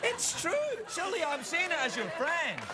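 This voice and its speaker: A man's voice: very high voice, animated, normal speed, a loud crowd, heavy background noise. A Scottish man hosting a late-night talk show, joking and teasing his guest and dropping into put-on accents. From Scotland. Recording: studio audience laughter behind. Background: loud studio audience.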